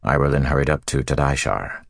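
Very deep, gravelly male narrator. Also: brisk, dry recording, studio quality. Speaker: audiobook narrator. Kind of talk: scripted fantasy narration.

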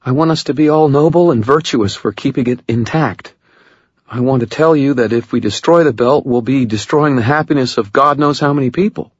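A male audiobook reader voicing a tough woman cop who is quiet, strained and earnest. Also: medium pitch, brisk, husky, no room sound, dull audio, voice pushed up, lightly acted. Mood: tearful. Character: tough woman cop, tender, fighting tears.

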